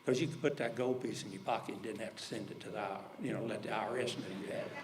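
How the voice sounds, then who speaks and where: An older man, telling folksy stories in a speech and dropping his voice low when he quotes others. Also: fast talker, a little hiss or hum. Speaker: speaker at an alumni event. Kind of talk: storytelling speech.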